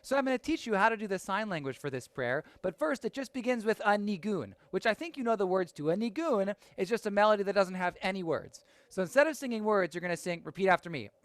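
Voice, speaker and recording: A woman's voice: medium pitch, lively intonation, fast, few pauses, no room sound. A woman leading children through songs in an upbeat, encouraging call-and-response style at a family holiday service.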